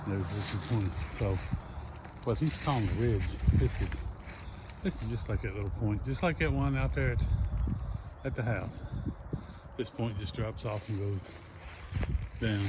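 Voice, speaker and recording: Rambling man filming a hilltop hike. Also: on the low side. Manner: rambling, folksy, pointing out landmarks. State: out of breath from climbing. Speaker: hiker filming his walk. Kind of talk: casual handheld vlog narration. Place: outdoors on a hillside. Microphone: phone held by the speaker. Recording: outdoor phone recording with noise.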